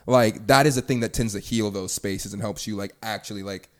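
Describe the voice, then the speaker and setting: A man hosting a casual podcast chat, talking in an animated, jokey way. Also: on the low side, a little fast. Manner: animated, jokey, slips into goofy voices. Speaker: podcast host.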